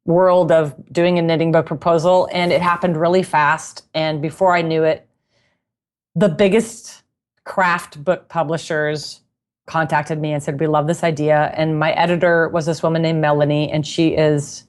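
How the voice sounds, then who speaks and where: Chatty, animated woman with a lowish voice. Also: normal speed. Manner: chatty and animated, laughs often. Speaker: guest musician and knitting author. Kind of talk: casual interview storytelling.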